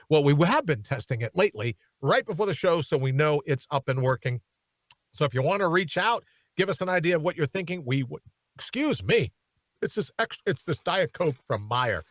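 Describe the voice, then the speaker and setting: High, lively sarcastic radio host man. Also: moderate pace, dry recording. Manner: sarcastic, ranting, animated. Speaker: radio talk show host. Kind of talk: radio talk show monologue. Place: radio studio. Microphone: studio microphone.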